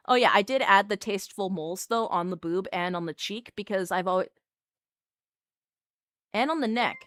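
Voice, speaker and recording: A woman VTuber chatting casually on a live stream, animated and self-mocking. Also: mid-range voice, normal speed, long pauses, dry recording, studio quality.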